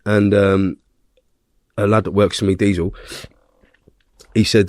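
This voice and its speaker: A man's voice: fairly low pitch, little pitch movement, moderate pace, pauses often, a little mellow, no echo, studio quality. A man, a podcast guest, telling a tense story in a blunt way, swearing heavily as he goes.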